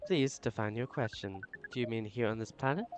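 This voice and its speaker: A man voicing a calm alien from a hive mind, who talks in a formal, precise way and calls itself "we" while he reads a visual-novel game aloud. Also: medium pitch, brisk, noisy background, natural voice. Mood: earnest.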